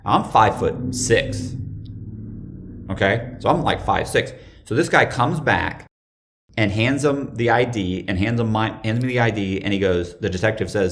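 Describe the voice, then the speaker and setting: Man telling a story in a lowish voice. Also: moderate pace. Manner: animated, acts out quoted dialogue. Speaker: interview guest. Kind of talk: casual storytelling.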